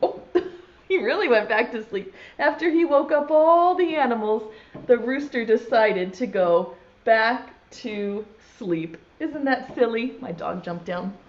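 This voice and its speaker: A woman leads a preschool circle time from home, her voice high and full of swooping ups and downs. She speaks slowly and sing-song, stretching words for little listeners. The recording sounds dull and lo-fi. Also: lively intonation. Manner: slow, exaggerated, sing-song teacher talk to small children; uses sign language alongside speech. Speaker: preschool teacher.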